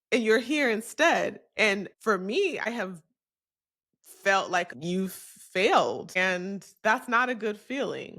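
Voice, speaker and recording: A woman hosting her own podcast, talking candidly and reflectively in a solo monologue. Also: mid-range voice. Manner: candid and confessional, animated when quoting others. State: briefly emotional. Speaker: podcast host.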